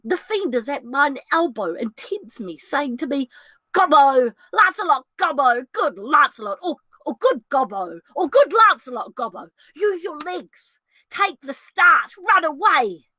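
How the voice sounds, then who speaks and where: A woman's voice: high-pitched, very animated, measured pace, pushed and bright, no room sound, voice pushed up, exaggerated voice. A woman playing a jittery young male comic servant, bouncing between voices for his fiend and his conscience in a solo reading of a classic play.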